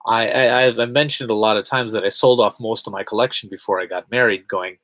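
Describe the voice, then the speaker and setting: A man's voice: lowish voice, steady tone, fairly quick, hardly any pauses, fairly bright tone, dry recording. Dry, chatty male game streamer. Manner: chatty, self-reflective, rambling. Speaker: game streamer reading chat. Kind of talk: casual live-stream chat.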